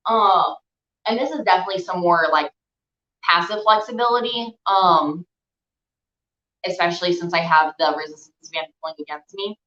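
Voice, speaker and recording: A woman's voice: on the low side, normal speed, pushed and bright. Chatty young woman coaching a stretch. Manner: chatty, encouraging, filler-heavy. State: out of breath while stretching. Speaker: stretching instructor. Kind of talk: live stretching class. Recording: echoey room, dull lo-fi sound.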